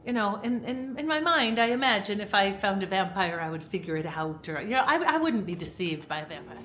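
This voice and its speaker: A woman's voice: medium pitch, lively intonation, brisk, fairly bright tone, a little hiss or hum, rough recording. A woman vlogging at home in a casual, rambling storytelling style, with lots of fillers and restarts. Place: at home, indoors.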